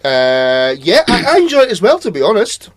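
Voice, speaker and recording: A man's voice: fairly high pitch, wildly swooping pitch, a little fast, no room sound. A man co-hosting a podcast in casual chat, rambling off topic, laughing often and swearing offhandedly. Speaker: podcast co-host.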